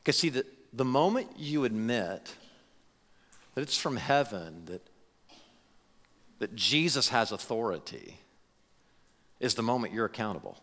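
A man preaching a conversational sermon as pastor, animated, with frequent restarts and repeated words. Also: medium pitch, a little slow, long pauses. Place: church sanctuary. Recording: reverberant church hall.

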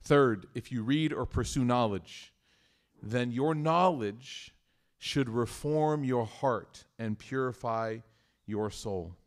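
A man's voice: mid-range voice, slow. A man leading a community study circle, giving a casual religious talk that mixes teaching with personal stories. He speaks conversationally and jokes, often restarting his sentences. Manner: conversational and joking, with frequent restarts.

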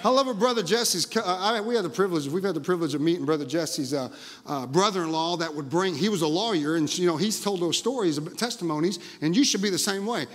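High-voiced preacher in a hall. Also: male voice, fast talker. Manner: energetic, exclaiming, frequent "Amen?" to the congregation. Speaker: pastor. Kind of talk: sermon. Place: church sanctuary. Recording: long reverb of a large hall.

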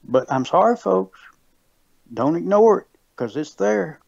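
A man's voice: sits high, lively intonation, a little slow, creaky, darkish tone, no echo. A man from Mississippi with a Mississippi Southern accent, a guest talking earnestly in a casual conversation, often repeating himself and restarting. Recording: dull lo-fi recording.

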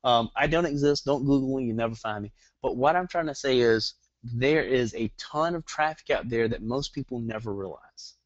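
A middle-aged man with a Southern US accent giving a webinar lesson, talking fast and rambling with jokes. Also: mid-range voice, dry recording. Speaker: guest webinar trainer. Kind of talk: online marketing webinar. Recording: dull lo-fi dry webinar audio.

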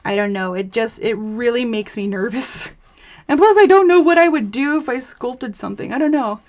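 A bubbly young woman hosting a live crafting tutorial, her voice sitting a little high. She chats freely with viewers as she works and laughs often. The audio is slightly dull and lo-fi. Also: animated, moderate pace, darkish tone. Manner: chatty and bubbly, reads chat aloud, laughs often. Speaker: host of a crafting livestream.

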